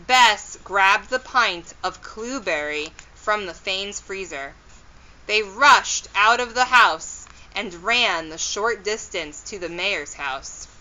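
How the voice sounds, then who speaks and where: A woman reading a children's storybook aloud as storyteller, gentle and expressive. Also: medium pitch, slow, dull audio.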